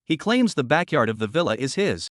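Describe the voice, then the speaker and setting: A man voicing an angry middle-aged mother who scolds and shouts. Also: medium pitch, very animated, a little fast, no echo, studio quality. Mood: furious. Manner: shouting, indignant.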